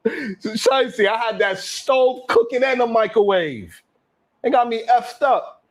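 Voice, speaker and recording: A man hosting his own live stream show, boasting and trash-talking the haters in a loud, hyped rant full of cursing. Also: very high voice, a little slow. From Brownsville, Brooklyn.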